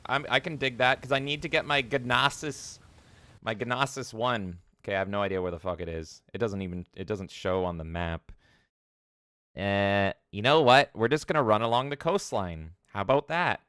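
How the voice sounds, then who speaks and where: Man, bright tone, rambling game commentary, swears freely. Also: on the low side, normal speed, clear, resonant tone, dry recording, clean studio sound. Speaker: streamer playing a video game. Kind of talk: casual gameplay commentary.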